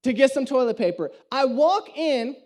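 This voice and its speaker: A man's voice: very high-pitched, animated, moderate pace, darkish tone. A man, a pastor preaching a sermon and telling a story with humor and animation. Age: 30s.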